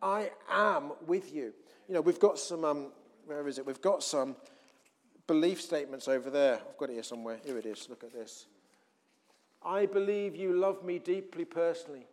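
A man preaching a sermon, telling a scripture story with animated acted-out voices. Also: on the high side, normal speed. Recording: long hall reverb.

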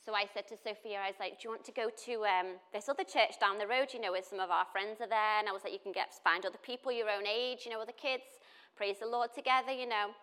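A woman's voice: medium pitch, steady tone, fast talker, a bit bright, clean tone. A woman, preaching in a chatty, storytelling way with frequent laughter. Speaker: pastor. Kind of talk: casual sermon.

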